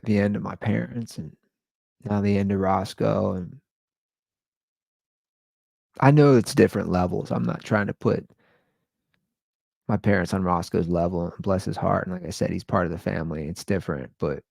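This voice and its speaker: A man's voice: deep voice, normal speed, gravelly, pauses often, a little mellow, dry recording. A man hosting his own show, talking in a somber, rambling, conversational monologue. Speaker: podcast host. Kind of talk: casual solo monologue.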